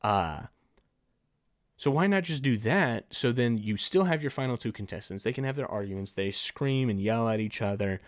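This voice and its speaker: A man's voice: medium pitch, expressive, moderate pace. A man hosting a solo film and TV review podcast, talking casually and ranting in exasperation, with laughs between points. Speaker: podcast host.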